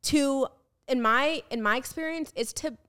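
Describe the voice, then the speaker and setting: A woman's voice: high voice, unhurried, sharp tone. An American woman hosting a podcast, chatting casually with frequent fillers and restarts. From United States. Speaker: podcast host. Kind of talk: casual chat.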